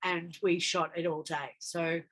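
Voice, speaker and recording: With a bright, clear voice pitched on the low side, this actress guest speaks at a measured pace with little pitch movement in a casual interview. Still, she recounts stories animatedly, acting out remembered dialogue with a guest's energy.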